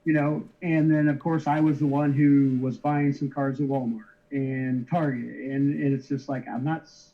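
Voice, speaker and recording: A man's voice: mid-range voice, flat delivery. Middle-aged guy chatting on a call, keeps restarting sentences, kinda dull lo-fi sound. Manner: halting, many restarts, easygoing chuckles. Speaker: interview guest, card shipper. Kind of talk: casual conversational storytelling. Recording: slightly dull lo-fi audio.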